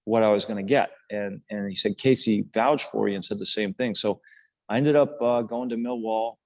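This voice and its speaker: A man's voice: on the low side, moderate pace, no room sound. An older man, a former national team player, telling his story casually on a podcast, earnest and rambling with many restarts and fillers.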